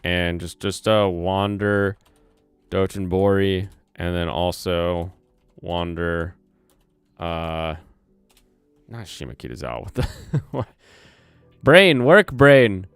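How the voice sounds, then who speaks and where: A man's voice: low voice, clear, resonant tone, no room sound. A man with a slight Southern US twang, hosting a casual livestream. He rambles, corrects himself as he goes and reads chat aloud, on a close desk microphone. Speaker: streamer and channel host. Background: soft lo-fi music and keyboard typing.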